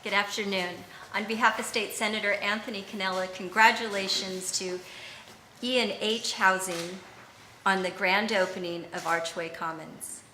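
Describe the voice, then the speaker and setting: Woman delivering quick formal congratulations. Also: medium pitch, steady tone, pushed and bright, a little hiss or hum. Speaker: state senator's representative. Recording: echoey public space.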